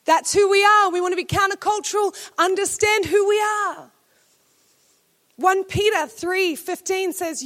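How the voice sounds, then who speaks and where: A woman with a high, bright-pitched voice preaches a sermon to her congregation. She speaks with emphatic conviction and pushes certain phrases up into loud, ringing declarations. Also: steady tone, a little slow. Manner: emphatic, rising to shouted declarations.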